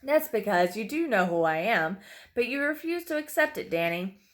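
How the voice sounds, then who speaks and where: A woman's voice: medium pitch, big pitch swings, normal speed, close to an everyday voice. A woman voicing a sadistic male captor who taunts and threatens his prisoner in a horror story reading. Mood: menacing. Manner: taunting, menacing, mocking. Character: sadistic mocking male captor, cruel and calm.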